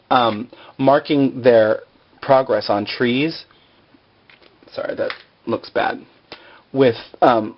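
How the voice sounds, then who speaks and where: A man's voice: mid-range voice, muffled recording. A man recapping a TV episode in a loose, casual way, full of fillers and joking asides. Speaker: video blogger recapping a TV episode.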